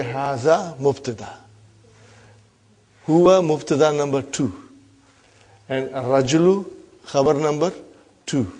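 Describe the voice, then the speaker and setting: A man's voice: fairly high pitch, a little mellow. A man teaching an Arabic grammar lesson, explaining step by step, repeating key terms and often asking the class if they follow. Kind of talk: classroom lecture.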